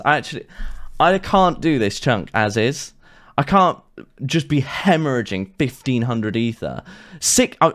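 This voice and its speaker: A man giving casual gameplay commentary, swearing and ranting in exasperation. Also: medium pitch. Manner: frustrated, swearing, exasperated rants. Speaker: gaming YouTuber.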